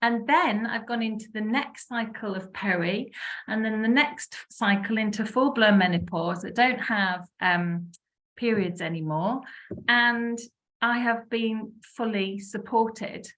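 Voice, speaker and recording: Bright, high-voiced woman in her fifties. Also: unhurried. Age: 50s. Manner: animated, laughs often, acts out her own past words. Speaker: wellness speaker sharing her story. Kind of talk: casual testimonial talk.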